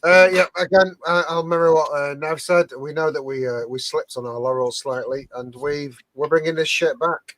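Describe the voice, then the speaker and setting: A man's voice: fairly high pitch, fairly even intonation, normal speed, hardly any pauses, a bit bright. A man co-hosting a rowdy show among friends, giving a sweary, rambling sign-off full of fillers. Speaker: podcast co-host.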